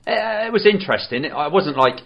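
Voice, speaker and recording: A man co-hosting a podcast, chatting casually about a film in a hesitant, rambling way with many pauses and fillers. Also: fairly high pitch, very animated, gravelly, muffled recording. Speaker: podcast co-host. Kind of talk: casual film review chat.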